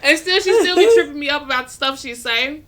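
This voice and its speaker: A woman's voice: high voice, animated, a little fast, a bit bright. A woman co-hosting a casual podcast chat, playful and teasing, laughing often. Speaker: podcast co-host.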